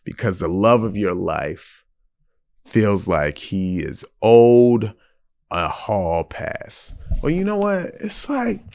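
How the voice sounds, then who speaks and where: A man's voice: on the low side, creaky. A man hosting a casual advice podcast, frank and blunt as he answers a listener's letter. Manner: blunt, frank, lively delivery. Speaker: podcast host giving advice.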